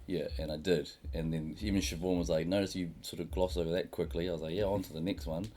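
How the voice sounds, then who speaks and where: A man's voice: low voice, fast talker, a little hiss or hum. A middle-aged man, hosting a podcast in casual chat and telling stories by acting out what people said. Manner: animated storyteller acting out quotes, swearing. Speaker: podcast host.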